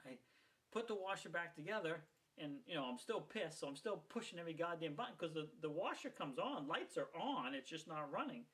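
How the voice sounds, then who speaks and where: A man's voice: fairly high pitch, lively intonation, a little fast, fairly bright tone, poor audio. A middle-aged man from Maine, casually retelling a plumbing mishap, heated and rambling with plenty of swearing. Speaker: home repair vlogger. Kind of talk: casual storytelling.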